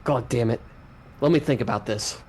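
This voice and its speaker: A man's voice: mid-range voice, moderate pace, darkish tone, slight background noise, natural voice. A man doing a foul-mouthed cranky New Zealand radio host. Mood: grudging. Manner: swears constantly, bleeped, calls everyone mate.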